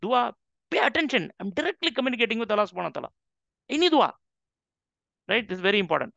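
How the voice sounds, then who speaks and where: An Islamic teacher fires off his words rapidly in a high voice with big pitch swings, vocal fry, and a pushed, bright quality. Leading an interactive religious class, he speaks emphatically and keeps checking in with "right?", captured in a dull, dry lo-fi recording.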